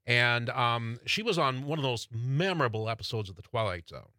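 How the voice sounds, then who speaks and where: Bright-voiced male movie buff, dry sound. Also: medium pitch, expressive, dry recording. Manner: enthusiastic storyteller, halting restarts. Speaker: radio show guest, movie buff. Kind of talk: casual radio chat.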